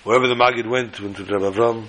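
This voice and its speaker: A man telling religious stories in an animated, dramatic way, repeating phrases for effect. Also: medium pitch, quick pace, rough recording. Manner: animated, dramatic storytelling with repetition. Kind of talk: storytelling lesson.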